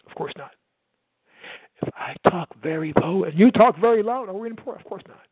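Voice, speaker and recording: A man from the United States, a sales coach and podcast host, giving a loud, fast, energetic motivational talk. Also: high voice, husky, dry recording. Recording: tinny phone-like line, dry.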